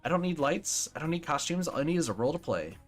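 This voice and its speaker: A man's voice: a little high, very animated, quick pace, soft background music, pitched above the performer's own voice. A man doing an earnest dreamy schoolgirl actress. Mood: wistful.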